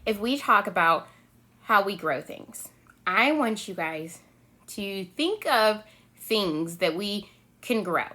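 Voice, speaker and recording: Bright, sing-song preschool teacher woman. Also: medium pitch, slow pace. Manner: lively sing-song, constant "right?" check-ins. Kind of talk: remote lesson for young children.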